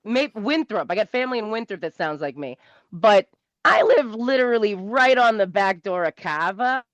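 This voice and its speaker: A woman in her thirties with a South Shore Massachusetts accent, a comedian guest telling stories in a rambling, animated way and laughing often. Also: medium pitch, normal speed, no echo. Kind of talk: casual storytelling interview. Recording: dull lo-fi dry sound.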